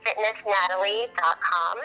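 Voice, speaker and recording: A woman's voice: medium pitch, steady tone, normal speed, pushed and bright, soft background music. A woman from Texas, a fitness trainer, answering interview questions in an upbeat, easygoing way over a phone line.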